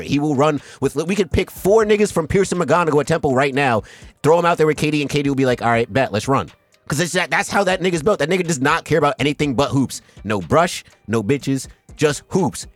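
This sports podcast host has a fairly high-pitched male voice, recorded with no echo. His rant is heated and full of profanity, and he keeps breaking off to ask "right?"

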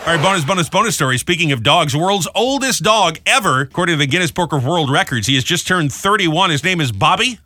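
A man co-hosts a morning radio show, reading quirky headlines with a bright, ringing tone. His voice sits a little high, and he keeps the rundown light and full of jokes. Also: expressive, a little hiss or hum. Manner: joking, quick news rundown with laughs.

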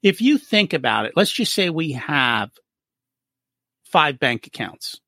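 A man's voice: fairly high pitch, unhurried, dry recording, studio quality. A man speaking as a guest in a casual interview, explaining money habits and acting out short exchanges in different voices. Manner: animated, acts out little dialogues. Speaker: business profitability guest.

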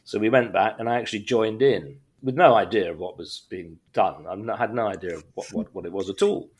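This middle-aged podcast guest has a husky, fairly low voice and a brisk pace. He rambles through a personal story conversationally, often restarting his sentences and slipping in wry humour.

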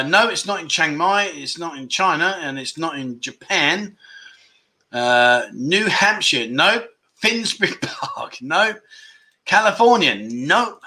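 Man, livestream host, jokey and chatty, fairly high voice, bright tone. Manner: chatty, jokey, reads viewer comments aloud. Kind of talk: casual livestream chat.

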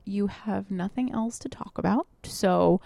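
A woman co-hosting a loose, casual chat. She rambles from point to point with lively energy and drops into quick impressions of people to get laughs. Her voice sits at a middle pitch and is recorded close and dry on a microphone. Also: creaky, no room sound. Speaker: podcast co-host. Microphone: studio microphone.

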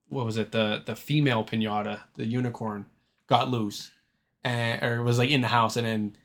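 A young man co-hosting a casual horror movie podcast, laid-back, laughing often and swearing freely. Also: medium pitch. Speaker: podcast co-host. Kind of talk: casual chat.

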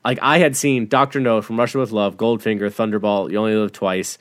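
A man co-hosting a podcast, animated and profane, laughing easily as he chats. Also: on the low side, fairly quick, no room sound, clean studio sound. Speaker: podcast co-host. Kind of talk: casual chat.

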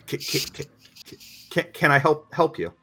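A man's voice: a little high, very animated, measured pace, sharp tone, a little hiss or hum, pitched above the performer's own voice, full character voice. A man voicing a nervous middle-aged male lawyer who stutters and repeats words constantly. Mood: flustered.

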